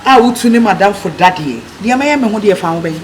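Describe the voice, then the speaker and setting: An actor plays a bold character with a Ghanaian accent who lectures at a rapid clip and chants a refrain. The film sound is noisy. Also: mid-range voice, lively intonation, natural voice. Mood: lecturing. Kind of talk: comic film acting.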